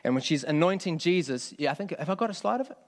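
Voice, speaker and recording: A man's voice: fairly high pitch, expressive, fast. A man preaching a sermon in a conversational way, often asking the congregation questions. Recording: long hall reverb.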